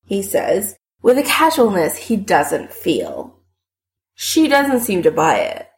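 A woman reading fiction aloud as an audiobook narrator in an expressive way. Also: medium pitch, measured pace.

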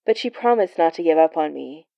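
A woman reading a story, voicing a weary, soft-spoken young man who talks in a tired, quiet, subdued way. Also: deep voice, lively intonation, fairly quick, gravelly, dry recording, muffled recording.

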